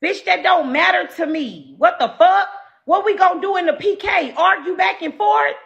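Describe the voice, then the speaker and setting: A woman livestreamer ranting at her live chat, brash, loud, profane and combative. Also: very high-pitched, normal speed, gravelly, lo-fi sound.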